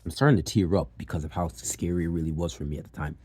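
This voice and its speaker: A young man recounts a story from his own life in a relaxed, rambling way. His voice sits low and mellow, with a husky, slightly rough edge. He swears freely and leans on fillers as he goes. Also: fast talker. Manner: loose and profane, with many fillers. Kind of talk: casual personal storytelling.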